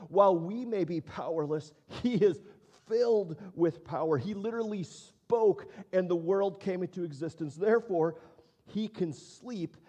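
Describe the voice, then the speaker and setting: A man's voice: high voice, moderate pace, hardly any pauses, warm tone. A man preaching a sermon in a church, talking in a conversational way, asking questions and repeating his words as he thinks. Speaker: pastor. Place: church auditorium.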